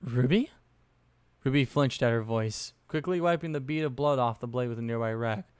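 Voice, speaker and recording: A man's voice: medium pitch, a little fast, clear, resonant tone, no echo. Casual young man reading fanfiction. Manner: offhand, swears in asides. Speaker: fanfiction narrator. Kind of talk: casual story narration.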